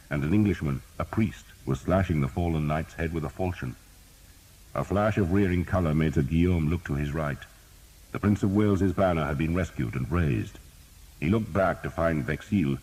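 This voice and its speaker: Male audiobook narrator, very deep and husky, measured dramatic reading. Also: darkish tone, low-quality recording.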